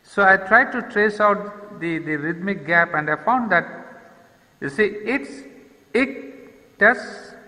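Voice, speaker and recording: A man giving an explanatory lecture, reading verse lines slowly and then explaining them with hesitant restarts. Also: high voice, sharp tone. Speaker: lecturer on poetry and yoga. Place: lecture hall. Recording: long reverb of a hall.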